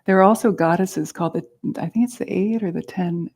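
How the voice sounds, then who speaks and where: A woman with a fairly low voice leads a class. She explains terms patiently and casually, with self-aware asides to her students. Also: a little fast, darkish tone. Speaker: meditation teacher. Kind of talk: casual teaching talk. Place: class with a group present.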